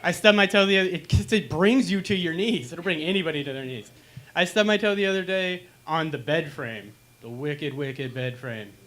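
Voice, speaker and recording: Young guy doing standup in a little lounge, bright kinda high voice, dark deadpan jokes. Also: fairly quick. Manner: dark deadpan jokes, acting out pained groans. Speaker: stand-up comedian. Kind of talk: stand-up comedy set. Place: small lounge stage with live audience.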